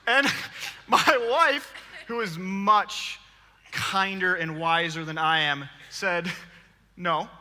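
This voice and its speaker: A man in his thirties giving a storytelling sermon as a guest preacher, animated and joking, laughing often. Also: high-pitched, takes it slowly. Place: church hall. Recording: long hall reverb.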